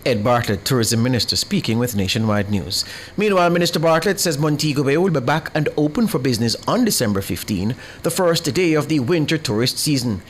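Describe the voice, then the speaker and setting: A man reading scripted radio news in a crisp, even delivery. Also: mid-range voice, brisk, a little hiss or hum. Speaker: radio newsreader.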